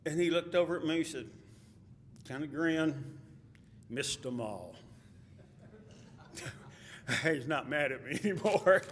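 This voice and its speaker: A man with a Texas accent telling a chuckling personal story at a memorial. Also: mid-range voice. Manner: chuckling, anecdotal. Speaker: eulogy speaker. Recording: hall reverb, faint ambient noise.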